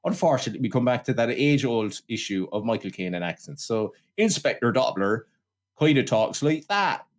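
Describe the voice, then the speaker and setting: A man's voice: mid-range voice, animated, fairly quick, a little mellow. A man co-hosting a casual film podcast, ranting animatedly, swearing often and acting out quotes. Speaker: podcast co-host. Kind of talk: casual film review chat.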